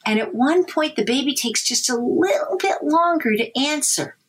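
A middle-aged woman, a language development researcher, answering interview questions in an animated way. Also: moderate pace. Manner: animated, breaks into a high sing-song baby voice for examples.

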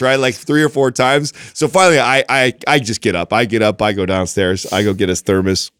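A man's voice: mid-range voice, moderate pace, hardly any pauses, fairly bright tone, clean tone, dry recording, studio quality. A man in his thirties in casual chat, telling a story and laughing often.

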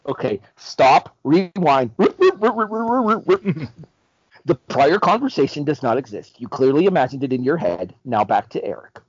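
A man hosting a casual sports podcast, chatty and quick to joke, on dull, dry lo-fi audio. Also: a little high, sing-song, husky, no echo. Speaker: host.

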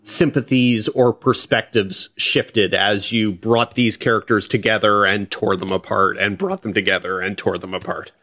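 A man's voice: fairly low pitch, steady tone, normal speed, hardly any pauses, sharp tone. A man hosting a podcast, asking long, thoughtful questions of a guest. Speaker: podcast host. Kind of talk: interview questions.

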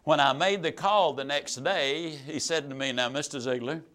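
A man telling a true story in a motivational sales talk, folksy and emphatic, swinging between loud and soft. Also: a little high, normal speed. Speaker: sales trainer and motivational speaker.

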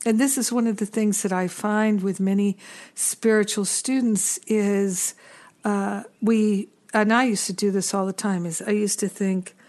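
A middle-aged woman hosting a reflective spiritual teaching talk, earnest and unhurried, with gentle self-deprecating asides. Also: mid-range voice, steady tone. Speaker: spiritual teacher and podcast host.

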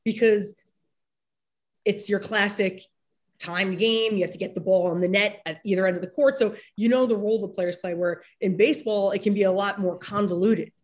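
A woman co-hosting a casual sports podcast, animated and blunt with her opinions. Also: medium pitch, normal speed. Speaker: podcast co-host.

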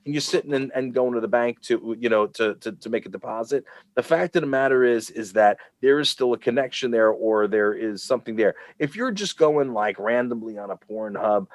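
A man co-hosting a podcast in casual comedic chat, playful and animated, often acting out little voices. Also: mid-range voice, a little fast, no echo. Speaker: podcast co-host.

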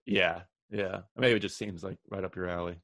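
A man's voice: low-pitched, moderate pace, no echo, studio quality. A man hosting a casual podcast chat, telling stories and acting out quotes with energy. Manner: animated storyteller, acts out quotes. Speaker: podcast host.

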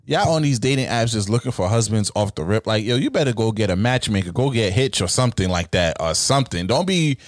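A man's voice: fairly low pitch, expressive, fast talker, hardly any pauses, no echo, clean studio sound. A man co-hosting a casual, crude podcast chat, emphatic and hyped, often saying "come on now" and "you feel me". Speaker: podcast co-host.

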